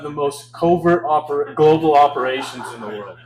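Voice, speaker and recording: Holding a mic on a club stage, a twenty-something comic from Canada delivers self-deprecating stories, wry and chuckling. He talks fairly quickly in a slightly high voice, with few pauses, and the recording is rough.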